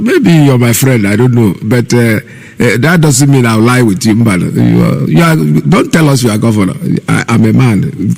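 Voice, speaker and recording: A Nigerian-accented man hosts a live online radio show, his voice gravelly with a rough fry. He scolds and mocks as he talks straight at his listeners, and a long reverb trails each phrase. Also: lowish voice, a little mellow. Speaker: radio host.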